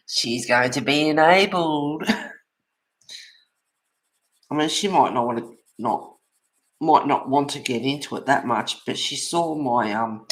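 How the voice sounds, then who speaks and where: A man's voice: mid-range voice, a bit bright. Brief: easygoing man, casual chat while colouring at home, rambles, laughs a lot. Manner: rambling storyteller, laughs often. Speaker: colouring channel host.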